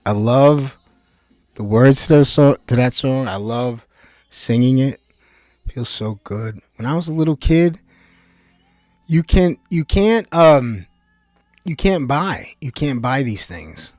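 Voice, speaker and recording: A man from New Jersey giving an animated, rambling personal monologue, swearing freely. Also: medium pitch, slow, pauses often, no room sound, studio quality. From Bayonne, New Jersey. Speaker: vlogger.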